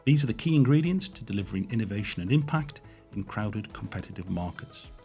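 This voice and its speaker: A man hosting a business podcast, asking questions in a chatty, animated way and reading sponsor breaks. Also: fairly low pitch, brisk, soft background music. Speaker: podcast host.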